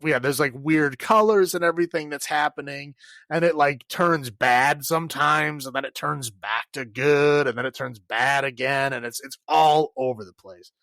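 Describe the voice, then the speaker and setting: A man's voice: on the high side, normal speed, vocal fry, a bit bright, no echo. A man co-hosting a podcast, casually recapping a film in a rambling way, full of filler words and laughs. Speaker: podcast co-host.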